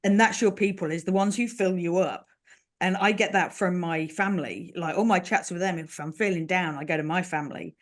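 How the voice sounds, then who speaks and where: A woman's voice: lowish voice, fairly quick. A woman in a podcast conversation, telling stories reflectively and quoting her own thoughts aloud.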